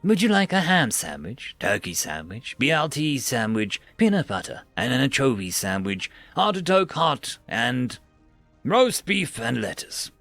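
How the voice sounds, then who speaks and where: A man's voice: mid-range voice, big pitch swings, unhurried, gravelly, a bit bright, dry recording, faint music behind, pitched below the performer's own voice, exaggerated voice. A man playing a prim, smug food-dispenser machine. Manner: prim, overly polite, scripted customer-service tone.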